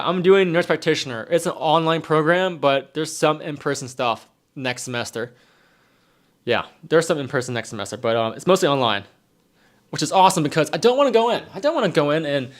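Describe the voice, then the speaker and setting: A young man talks casually through a live Q&A, reading out viewer questions before answering them. His voice sits a little high for a man, and he rambles and repeats phrases for emphasis. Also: fairly bright tone. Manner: rambling, repeats himself, reads chat aloud. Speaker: nurse streamer answering questions.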